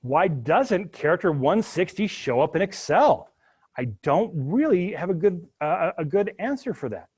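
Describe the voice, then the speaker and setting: A man's voice: high-pitched, a little slow, husky. A man teaching a live spreadsheet coding lecture to his students, talking through each step with jokey asides. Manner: animated, jokey asides while working through code. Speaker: university instructor.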